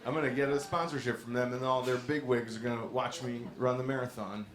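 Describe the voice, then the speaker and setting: A man doing a stand-up set in a comedy club, with a low-key, deadpan delivery. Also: brisk, a crowd in the background. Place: comedy club stage with a laughing audience. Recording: echoey club with audience noise.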